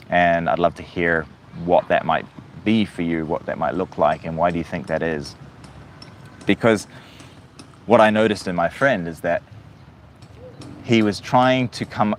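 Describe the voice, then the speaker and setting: A man from New Zealand with a softened accent, hosting a casual livestream and talking reflectively to viewers, often pausing and restarting his sentences. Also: sits low, a little hiss or hum. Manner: reflective, hesitant with many fillers and restarts. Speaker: livestream host.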